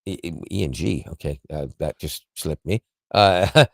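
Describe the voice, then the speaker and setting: A man's voice: a bass voice, normal speed, few pauses, no room sound, studio quality. A man co-hosting a casual tech podcast, explaining an app in a rambling, self-correcting way with frequent chuckles.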